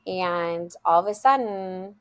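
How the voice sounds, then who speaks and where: An American woman school leader, appearing as a guest on an interview show over a video call, tells a heartfelt story in an earnest, conversational way. Her voice is on the low side, slow, and clean in tone.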